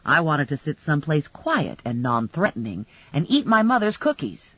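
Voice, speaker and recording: A woman narrating a first-person crime comedy audiobook in a lively, wry storytelling manner. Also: low voice, moderate pace, husky, no room sound, highs cut off.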